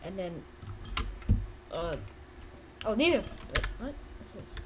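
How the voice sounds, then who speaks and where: A woman giving playful, rambling commentary over a sandbox game, often yelling in mock pain. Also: medium pitch, big pitch swings, slow pace, noisy background. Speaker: gameplay video creator. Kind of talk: casual gameplay commentary. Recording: keyboard typing and clicks behind.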